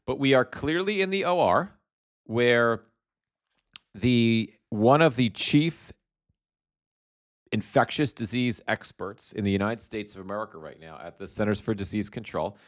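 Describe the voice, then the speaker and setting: A man's voice: mid-range voice, a little slow. A man hosting a casual political commentary show, sarcastic and stumbling, repeating words as he goes. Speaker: host.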